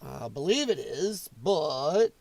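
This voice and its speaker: A man hosting a casual reaction livestream, his voice strained and damaged from breathing trouble, blunt and opinionated and quick to swear. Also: fairly high pitch, big pitch swings, creaky, a little mellow, no room sound. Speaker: livestream host.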